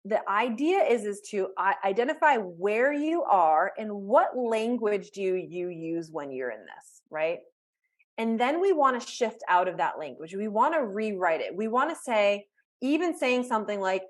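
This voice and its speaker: During a live online workshop, a woman working as a life coach talks conversationally through examples of self-talk, often restarting. Her voice is medium in pitch and expressive, at a measured pace.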